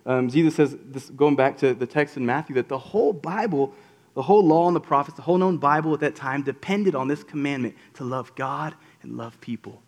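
A man preaching a casual sermon in a conversational way, acting out quotes in voices. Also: medium pitch. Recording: reverberant hall.

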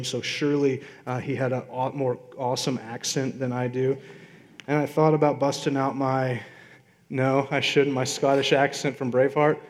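A man preaching a sermon as pastor, building to loud emphatic peaks and asking his congregation questions. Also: medium pitch. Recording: long reverb of a large hall.

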